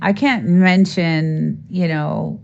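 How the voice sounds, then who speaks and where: A woman's voice: low voice, fairly even intonation, slow pace, creaky, darkish tone, dull audio. Tired woman chatting on a live stream. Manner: rambling, reads chat aloud, laughs often. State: tired after work. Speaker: livestream host. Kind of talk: casual live-stream chat.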